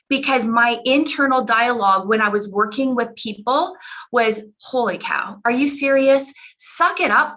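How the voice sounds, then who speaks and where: Bright-voiced woman telling a personal story. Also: a little high, low-quality recording. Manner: candid, emotional, conversational with fillers and laughs. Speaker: business coach.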